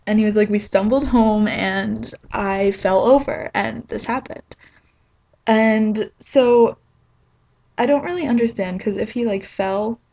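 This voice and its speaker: A young woman vlogger rambles through a self-mocking story in a casual video, packing it with "like." Her mid-range voice is creaky and dark in tone, and the audio is dull with a bit of hiss or hum.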